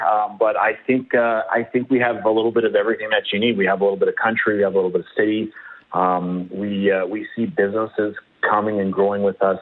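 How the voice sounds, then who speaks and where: Deep, flat-voiced man on a phone line. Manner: upbeat, promotional, many fillers. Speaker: municipal mayor, radio guest. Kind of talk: phone interview.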